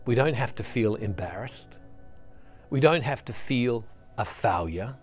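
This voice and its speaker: A man's voice: mid-range voice, animated, unhurried, slightly rough, faint music behind. A middle-aged man gives an earnest, conversational Catholic devotional talk, repeating phrases for emphasis. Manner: earnest, conversational, repeats words when stressing a point. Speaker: Catholic speaker.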